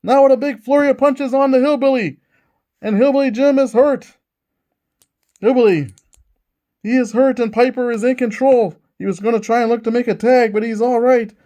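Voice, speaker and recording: A man calling a tabletop wrestling game in the manner of an excited ring announcer, narrating each move as it happens. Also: very high voice, moderate pace. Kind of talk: wrestling play-by-play commentary.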